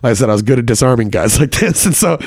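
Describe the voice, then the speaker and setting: Dude telling a story, casual and cussing, says like a lot, dry close sound. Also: male voice, mid-range voice, lively intonation, racing, slightly rough, no echo. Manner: casual, heavy swearing, lots of filler "like". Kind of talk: personal storytelling.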